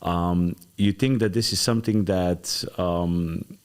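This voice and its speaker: Interview host: low-pitched man, casual, halting phrasing, feels for the words. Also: steady tone, smooth. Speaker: podcast host.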